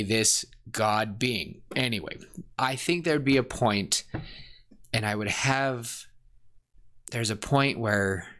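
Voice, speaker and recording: Give me a man with a lowish voice co-hosting a casual podcast. He rambles excitedly, gushing over an idea and tumbling from one thought to the next. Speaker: podcast co-host. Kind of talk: casual chat.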